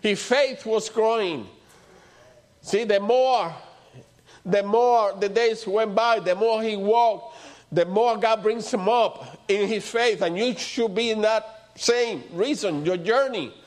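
A man preaching a sermon as pastor, asking the congregation rhetorical questions and answering them, swinging between loud emphatic lines and low quiet ones. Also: slow. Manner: rhetorical questions with call-and-response.

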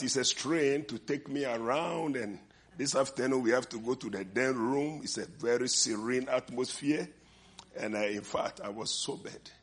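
A man's voice: medium pitch, fairly bright tone, husky. An older man with a foreign accent preaching a sermon, leading the congregation with call-and-response and repeated amens. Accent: non-native English accent. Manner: call-and-response, repeated "amen and amen", drawn-out emphasis. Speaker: visiting preacher.

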